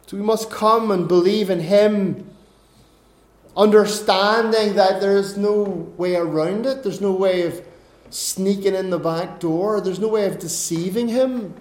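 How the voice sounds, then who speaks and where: High-voiced man preaching in an echoey room. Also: steady tone, a little slow, darkish tone. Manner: earnest, repeats and restarts words, acts out quoted voices. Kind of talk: sermon.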